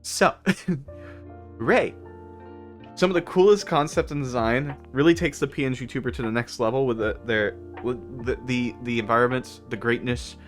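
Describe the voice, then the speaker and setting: A woman livestreaming in casual chat, telling funny stories through fits of laughter and gushing shout-outs to viewers. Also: a bass voice, moderate pace, faint music behind. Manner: giggly, bursts into laughter while storytelling.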